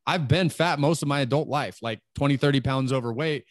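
A man's voice: medium pitch, fairly quick, no echo, studio quality. A man in his late thirties hosting an interview, talking earnestly in a rambling way full of "like" fillers. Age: 30s. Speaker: podcast host. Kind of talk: casual interview chat.

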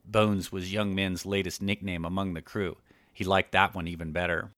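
A man narrating an audiobook in a steady, measured way. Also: low voice, dry recording. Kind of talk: scripted narration.

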